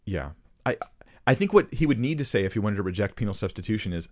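Low-voiced man giving earnest commentary. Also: animated. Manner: earnest, rhetorical questions, quick restarts. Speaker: Christian commentator. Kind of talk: casual commentary on played clips.

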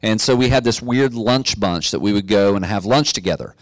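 A middle-aged man preaching a sermon, telling a story in a relaxed way and building to emphatic exhortation. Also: fairly low pitch, brisk, no room sound. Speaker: pastor.

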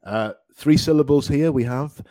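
A man hosting a podcast English lesson, encouraging his student and repeating words slowly to practise pronunciation. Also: medium pitch, mellow, dry recording, clean studio sound. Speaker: English teacher and podcast host.

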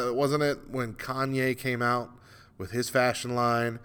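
A man's voice: medium pitch, steady tone, a little slow, fairly bright tone, clear, resonant tone. A man hosting a solo morning radio show, ranting in an exasperated, self-mocking way, with a dry throat. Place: radio studio.

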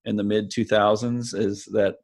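Male interviewer, lowish voice, hesitant and conversational. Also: flat delivery, normal speed, creaky, darkish tone. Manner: hesitant, with many restarts and fillers.

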